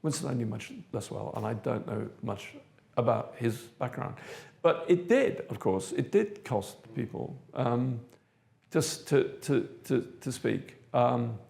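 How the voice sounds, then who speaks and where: An older man from South Africa, an interviewee recounting his past in a measured, thoughtful way with frequent pauses. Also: medium pitch, animated, creaky, darkish tone. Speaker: interviewee, theatre director. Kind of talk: reflective personal recollection.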